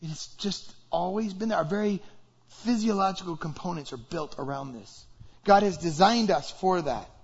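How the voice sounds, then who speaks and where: A man's voice: sits high, normal speed, slightly rough, lo-fi sound. A male pastor preaching a conversational sermon to his church, acting out short example conversations. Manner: conversational, acts out example dialogues.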